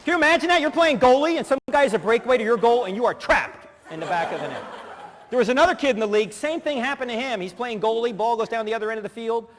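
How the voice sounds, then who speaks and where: Middle-aged guy telling funny stories in a talk, high voice that swings all over, echoing hall. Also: quick pace, slight background noise. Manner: animated storyteller who acts out voices and laughs. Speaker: speaker. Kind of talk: humorous teaching talk. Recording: long hall reverb.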